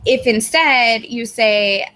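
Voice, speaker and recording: A woman talks earnestly in a casual podcast chat. Her voice sits a little high and sounds bright and sharp. She breaks into laughter often. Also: slow pace. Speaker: podcast co-host. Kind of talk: casual conversation.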